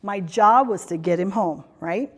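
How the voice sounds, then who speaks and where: A woman corporate trainer delivers a live workshop talk in a conference room or hall, where her speech carries long reverb. Her mid-range voice is a little slow, and she's chatty, telling stories and asking the audience questions.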